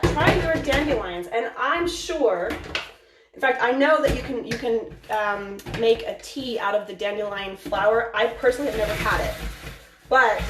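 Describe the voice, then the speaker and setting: Chatty excitable woman in an echoey kitchen. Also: a little high. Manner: chatty and excitable, rambling with many restarts. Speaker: host of a live cooking stream. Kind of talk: casual live-stream cooking chat. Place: home kitchen. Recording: echoey kitchen, mic at a distance, faint noise.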